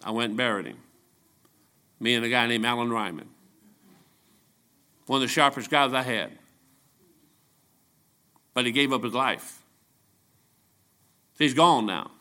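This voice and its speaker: A man's voice: mid-range voice, measured pace, long pauses, bright, forceful tone. A man, a traveling evangelist, preaching a sermon in a church in a folksy, storytelling way, often restarting his sentences.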